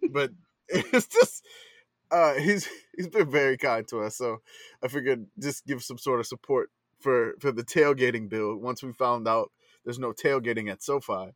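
A man's voice: mid-range voice, animated, measured pace, a bit bright, dry recording. A man co-hosting a casual sports podcast, talking in a rambling way full of fillers and laughs. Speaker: podcast co-host. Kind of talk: casual chat.

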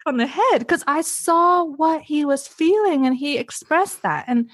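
Woman, podcast guest, casual chat, animated storytelling, repeats words, higher voice, dry close sound. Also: measured pace, dry recording.

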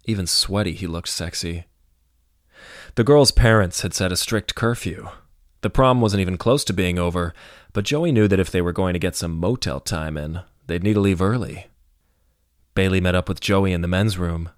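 Deep-voiced male audiobook narrator. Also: moderate pace, no echo, clean studio sound.

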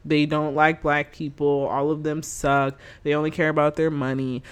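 Young woman podcast host, casual, animated, exasperated storyteller, swears a lot. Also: sits low, normal speed, clear, resonant tone.

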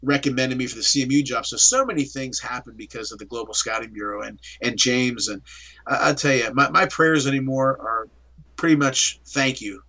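A man's voice: mid-range voice, brisk. A middle-aged man from the Pittsburgh area, telling his story in an interview and acting out the dialogue. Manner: animated, acts out dialogue in storytelling. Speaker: interview guest.

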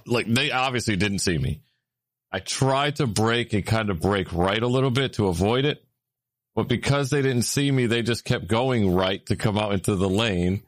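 Low-voiced man telling a story. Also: no room sound. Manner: animated, rising when worked up, many fillers. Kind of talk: casual storytelling chat.

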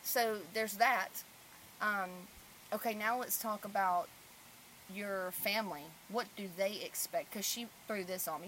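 Animated mother hosting a podcast. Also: medium pitch, a little slow, slight background noise. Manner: animated storyteller, swings loud when telling stories. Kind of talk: casual podcast chat.

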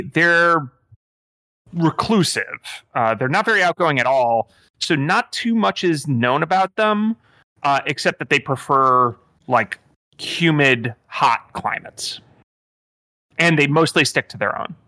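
A man's voice: fairly high pitch, lively intonation, takes it slowly, long pauses, sharp tone, dry recording. A man running a tabletop game as game master, explaining the world in a rambling way with many fillers.

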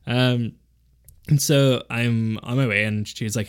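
A young man hosting a podcast, telling a story in a casual, animated way and often breaking into laughter. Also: medium pitch, moderate pace. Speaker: podcast host.

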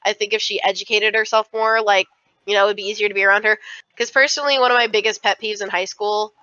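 Bright-voiced young woman telling stories. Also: mid-range voice, quick pace, no room sound, highs cut off. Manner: fillers, swearing, animated retelling. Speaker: podcast co-host. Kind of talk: casual storytelling chat.

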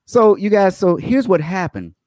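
A man's voice: high-pitched, animated, normal speed, darkish tone, no echo, studio quality. A man hosting a livestream, chatting upbeat with viewers and greeting them by name before reading fraud news stories. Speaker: livestream host.

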